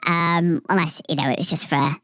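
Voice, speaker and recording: A man talking through a pitch-shifter that turns his voice squeaky, chatting playfully while demonstrating the effect. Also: steady tone, moderate pace, background noise. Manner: chatty, playful demo talk. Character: squeaky pitched-up version of a man's voice. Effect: pitch-shifter raising the voice to a squeaky register. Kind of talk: gear demonstration.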